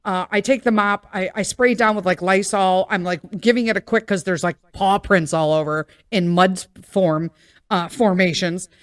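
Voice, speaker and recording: Animated woman telling a home story. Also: mid-range voice, normal speed, no room sound, clean studio sound. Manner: animated, acts out quoted voices, many fillers. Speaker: podcast host. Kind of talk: casual storytelling monologue.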